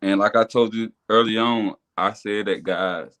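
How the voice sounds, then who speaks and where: A man, a podcast guest, telling a personal testimony in casual chat, animated and repetitive, rising to excited high bursts. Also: normal speed, clean tone. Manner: animated storytelling, repeats words, builds to excited high bursts. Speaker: podcast guest, business owner.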